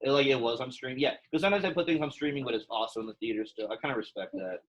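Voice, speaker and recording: Young man, Latin teacher, casual classroom lesson, relaxed filler-heavy delivery. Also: medium pitch, racing, lo-fi sound. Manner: relaxed, chatty, many fillers.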